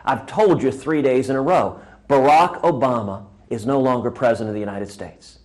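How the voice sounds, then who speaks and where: A man's voice: mid-range voice, normal speed, natural voice. A man voicing a frustrated Marine guard in a told joke. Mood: stern. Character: stern frustrated young male Marine guard.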